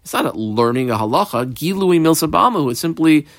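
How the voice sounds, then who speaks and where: A man's voice: on the high side, animated, a little fast, no echo, studio quality. A man teaching a Talmud page step by step, reading Hebrew and Aramaic phrases aloud in Ashkenazi pronunciation and translating each as he goes. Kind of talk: daf yomi Talmud lesson.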